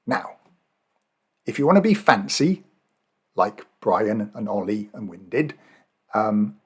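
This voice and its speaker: A man's voice: on the low side, slightly rough. An Australian man walking viewers through a spreadsheet task in a casual screen-recorded tutorial, thinking aloud with fillers and self-corrections. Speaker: Excel and Power BI trainer.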